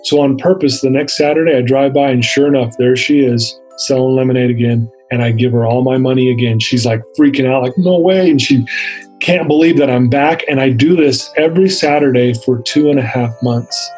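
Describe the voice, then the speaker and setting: A man's voice: mid-range voice, fairly even intonation, fairly quick, a little mellow, husky, faint music behind, low-quality recording. A middle-aged man telling his story in a podcast interview, earnest and candid, acting out the dialogue. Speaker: interview guest.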